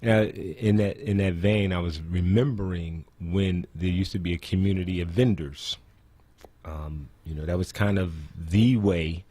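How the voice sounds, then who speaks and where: A man hosting a radio talk show, musing out loud in a casual, reflective way. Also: low-pitched, fairly even intonation, measured pace, husky, dry recording.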